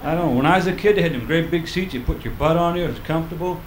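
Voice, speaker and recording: An older man works through a stand-up set in a comedy club, his voice a touch high and his delivery deadpan. He acts out little quoted bits along the way. The live room echoes around him, with a faint murmur in the background. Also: rapid-fire, slight background noise. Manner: deadpan storytelling with acted-out quotes. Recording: roomy live club recording.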